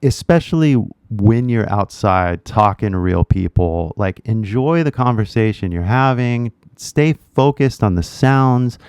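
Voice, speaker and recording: Male accent coach, Californian accent, easygoing slangy delivery, low-pitched, dry sound. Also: animated, unhurried, few pauses, darkish tone, smooth, no echo. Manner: laid-back slangy talk, keeps tagging "right?". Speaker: English accent teacher. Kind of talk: casual spoken lesson.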